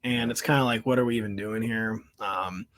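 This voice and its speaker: A man's voice: lowish voice, steady tone, fairly quick, a bit bright. A man hosting a football podcast, joking and laughing often in casual sports chat. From Missouri. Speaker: fantasy football podcast host.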